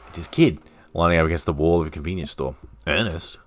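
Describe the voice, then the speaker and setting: Speaking fast in a bass voice, a man streams a dating game, reading the dialogue aloud and adding playful, self-mocking comments in a casual let's-play manner.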